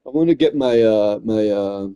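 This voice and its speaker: A man's voice: lowish voice, normal speed, mellow, clear, resonant tone, dry recording, highs cut off. A man chatting casually while streaming, rambling and swearing, often tossing in "man" and "dude". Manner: rambling, profane, says "man" and "dude" a lot. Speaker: gaming streamer.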